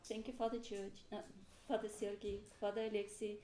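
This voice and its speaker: Her story to the seminar group comes out animated and fairly quick in a mid-range voice, full of laughter and acted-out quotes. The monastery hall echoes, and faint background noise can be heard.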